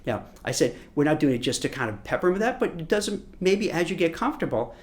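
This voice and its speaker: Animated Brooklyn-raised male career coach. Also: a little high, fast. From Brooklyn, New York. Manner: animated, repeats words, acts out quotes. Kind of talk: coaching masterclass talk.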